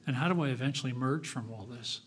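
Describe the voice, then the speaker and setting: A man speaking from the pulpit of a church, telling his own story. He talks in a plain, conversational way, pausing often with small fillers. His voice sits at an ordinary middle pitch. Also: a bit bright, slight background noise. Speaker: guest speaker. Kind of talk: personal testimony sermon.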